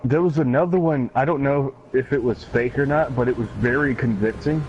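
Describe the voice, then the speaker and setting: A man's voice: mid-range voice, fairly quick, darkish tone, soft background music. A man hosting a gaming channel, who tells rambling stories in casual chat and swears freely. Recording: dull lo-fi stream recording with faint noise.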